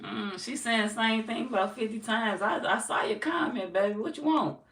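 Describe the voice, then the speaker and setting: A young woman hosting a tarot livestream, reading viewer comments aloud and chatting in a relaxed, teasing way with lots of slang and laughter. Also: a little high, moderate pace, distant mic. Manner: laid-back, teasing, laughs often, slangy. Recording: roomy echo, off-mic, faint noise.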